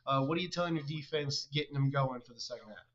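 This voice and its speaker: A man's voice: mid-range voice, fast talker, fairly bright tone, dull audio. A man commenting on a football video game and interviewing coaches in a chatty, teasing way. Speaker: host and commentator.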